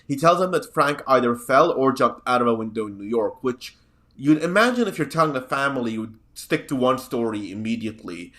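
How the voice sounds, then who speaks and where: A man's voice: medium pitch, expressive, brisk, fairly bright tone. A man hosting a podcast in casual chat, sardonic and rambling. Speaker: podcast host.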